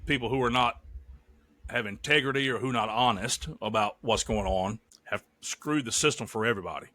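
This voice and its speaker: A man's voice: mid-range voice, brisk, no echo. A man co-hosting a podcast, rambling through stories with jokes and cursing. His voice sits in a middle range, recorded close and dry with no room sound. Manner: joking and profane, animated storytelling. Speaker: podcast co-host. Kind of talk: casual chat.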